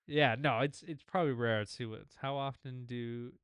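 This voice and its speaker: A man co-hosting a casual sports podcast, chatting in a relaxed way with lots of "yeah" and filler words. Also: mid-range voice, moderate pace, smooth, no echo. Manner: laid-back, fillers and frequent "yeah" agreement. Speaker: podcast co-host.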